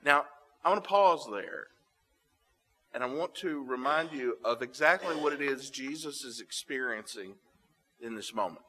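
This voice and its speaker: A man preaching a sermon, reading scripture aloud and explaining it with dramatic pauses. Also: fairly high pitch, pushed and bright. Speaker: pastor. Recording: long hall reverb.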